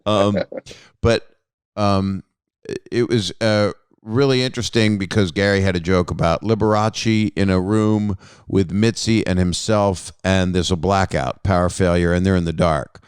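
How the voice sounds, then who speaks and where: A man with a lowish, smooth and resonant voice, hosting a relaxed podcast chat. He rambles through anecdotes and pokes fun at himself as he goes. The sound is close and dry, with no room around it. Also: a little slow, no room sound. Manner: rambling, self-deprecating storytelling. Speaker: podcast host. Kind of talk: casual conversation.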